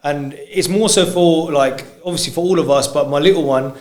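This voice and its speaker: A British man, a guest DJ, chatting casually on a podcast in a relaxed, rambling way with slang. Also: fairly high pitch, normal speed, reverberant, slight background noise.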